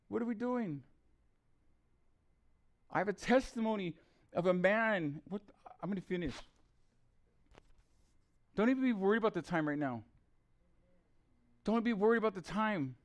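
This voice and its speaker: A man preaching an impassioned testimony sermon, repeating phrases and swinging between hushed retelling and loud pleading. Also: sits high, clear, resonant tone.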